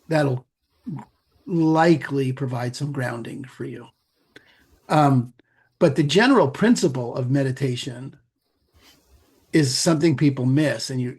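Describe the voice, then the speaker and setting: A middle-aged man, a meditation teacher and podcast guest, explaining in a relaxed conversational way with playful asides. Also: medium pitch. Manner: gravelly, husky, animated with playful asides.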